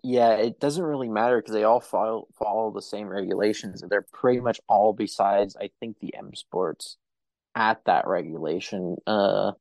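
A man's voice: on the low side, fairly even intonation, normal speed, darkish tone, no echo. A man hosting a podcast in a casual chat, with a wry, offhand sense of humor. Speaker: podcast host.

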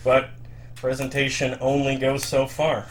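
A man's voice: medium pitch, monotone, a little slow, slight background noise. A man hosting a podcast in casual, easygoing chat, laughing often. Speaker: podcast host.

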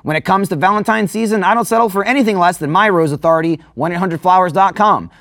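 A man's voice: high-pitched, fairly bright tone, dry recording, studio quality. A man reading a podcast sponsor ad in a mock-grand, joking way. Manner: mock-grand, jokey ad delivery. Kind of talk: sponsor read.

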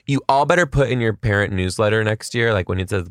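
A man, a schoolteacher, hosting a comedic solo podcast with quick asides and rhetorical questions. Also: on the low side, fairly bright tone, dry recording, clean studio sound.

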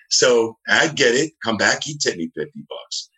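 A man's voice: lowish voice, sing-song, brisk, few pauses, bright, forceful tone. A man, a referee telling rambling anecdotes from home over a video call and acting out the voices of the people he quotes. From New Jersey, USA. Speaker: wrestling referee, guest. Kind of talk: casual interview storytelling. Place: his home.

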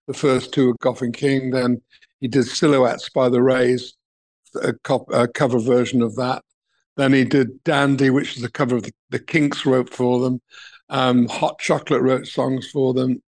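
Older English man, talent manager, anecdotal interview storyteller with a chuckle. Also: mid-range voice. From England. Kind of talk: reminiscing interview answers.

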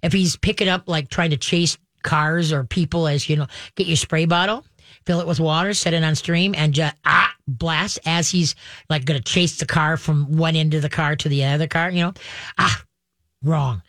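A woman hosting a pet advice show, talking casually and acting out owners with quick voices. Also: low-pitched, no room sound, studio quality. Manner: animated, acts out dog owners in quick voices. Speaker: veterinarian radio host.

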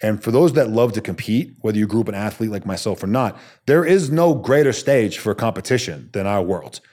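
Fairly quick and lowish in pitch, this man in his thirties spins stories as a podcast guest in a casual interview. A soldier with Army special forces, he's blunt and salty, acting out quotes in an animated way.

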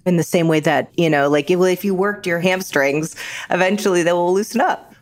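Deep-voiced American actress, expressive guest who slips into voices. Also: female voice, fairly quick. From New York. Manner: animated storyteller, slips into voices. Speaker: actor and guest. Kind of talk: casual interview chat.

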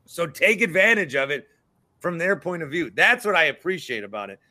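A man's voice: on the high side, animated, brisk, bright, forceful tone. A man in his thirties with a Midwestern accent, co-hosting a sports podcast and ranting profanely in casual chat. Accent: Midwestern American. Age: 30s. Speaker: podcast co-host.

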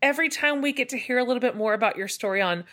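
A woman hosting a podcast, gushing warmly over her guest and chatting with lively enthusiasm. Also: fairly high pitch, rapid-fire. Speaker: podcast host. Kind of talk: casual interview conversation.

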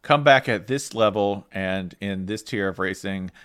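A man's voice: on the low side, a little slow, fairly bright tone, clear, resonant tone. A man co-hosting a podcast in casual chat, joking and rambling with frequent restarts. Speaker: podcast co-host.

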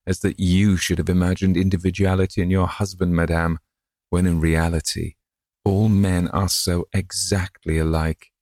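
Male reader as a curt, mocking painter, deep voice. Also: level tone, fairly quick, few pauses, a little mellow, no room sound, studio quality. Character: touchy adult male painter, rude.

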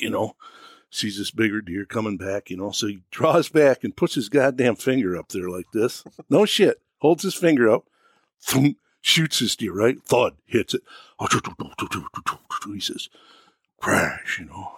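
A man's voice: on the low side, moderate pace, husky, dry recording. American man, casual podcast chat, storyteller voice, dry close mic. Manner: animated storyteller, acts out quotes, laughs often. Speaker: podcast co-host.

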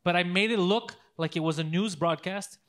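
A man's voice: high voice, normal speed, a bit bright. A man in casual podcast chat, telling crude prank stories with lots of laughter.

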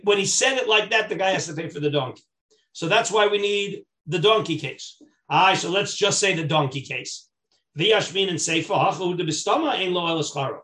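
A man, a rabbi, teaching a Talmud class, reading the text aloud and then explaining it step by step in English, checking that the class is following. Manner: animated, rising in pitch and volume when stressing a point. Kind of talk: Talmud study lecture.

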